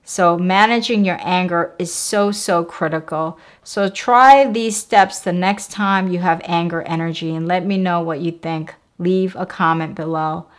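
Calm woman coaching self-help steps. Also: fairly low pitch, unhurried, few pauses. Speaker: wellness vlogger. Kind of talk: instructional self-help talk.

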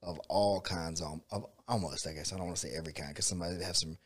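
A man who coaches jiu-jitsu and MMA, talking in a relaxed, rambling way and often saying "dude" and "like". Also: low-pitched, rapid-fire. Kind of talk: casual conversation.

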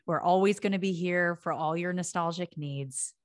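A woman's voice: fairly low pitch, moderate pace. A woman co-hosting a podcast, chatting casually and laughing often. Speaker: podcast co-host.

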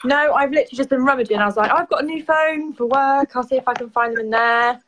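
Woman, live-stream guest, chatty, higher voice. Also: fast, a bit bright, slight background noise, rough recording. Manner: chatty, storytelling. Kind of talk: casual chat.

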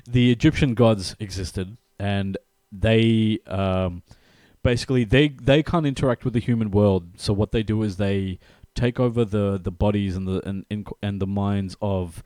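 Laughing, stammering man, lowish voice. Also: unhurried, a little mellow, dry recording. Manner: laughs often, stammers and repeats words when starting a thought. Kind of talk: casual chat.

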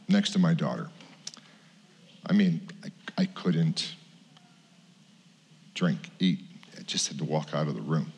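A middle-aged man preaching in a church, telling a personal story in a conversational, animated way. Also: low voice. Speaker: pastor. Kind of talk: sermon storytelling. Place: church sanctuary. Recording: church hall reverb.

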